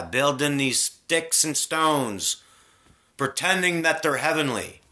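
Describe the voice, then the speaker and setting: A man delivering a heated, profane spiritual rant straight to camera. His voice is bright and forceful, and its pitch swings widely as he preaches. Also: animated, slow pace.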